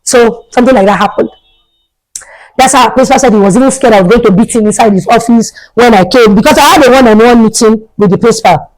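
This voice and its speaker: A woman's voice: on the high side, fast talker, darkish tone, rough recording. A young adult woman, a vlogger telling a storytime tale in a chatty way and repeating herself for emphasis. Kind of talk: storytime vlog.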